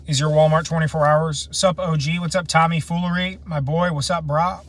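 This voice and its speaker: A man's voice: fairly high pitch, fairly even intonation, unhurried, long pauses. A man in his late twenties hosting a casual camping livestream, rambling and slangy while chatting with viewers outdoors at night. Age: late 20s. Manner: loose, rambling, slangy and self-deprecating. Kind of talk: casual live chat reading comments. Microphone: phone livestream.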